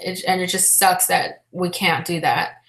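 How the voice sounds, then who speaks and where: A woman's voice: on the low side, steady tone, unhurried, vocal fry, fairly bright tone, echoey room. A young adult woman chatting casually on a livestream, reading the chat aloud and talking with lots of fillers. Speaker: vlogger.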